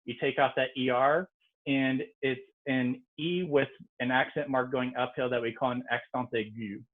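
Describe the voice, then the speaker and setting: A man's voice: medium pitch, fairly even intonation, moderate pace. A man, a native English speaker, teaching an online French lesson in a casual, explanatory way with frequent ums. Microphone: video call. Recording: tinny video-call audio.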